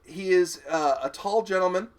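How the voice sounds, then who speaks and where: A man's voice: sits high, moderate pace. A man narrating as game master on a tabletop game live stream, descriptive and laughing often.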